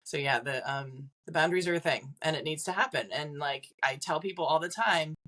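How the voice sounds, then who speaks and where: A woman's voice: sits low, a little fast, a bit bright. A woman guest on a podcast, a psychic medium, talking casually with lots of "like" fillers and little laughs. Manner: chatty, acts out quoted voices, frequent "like" fillers; laughs between points.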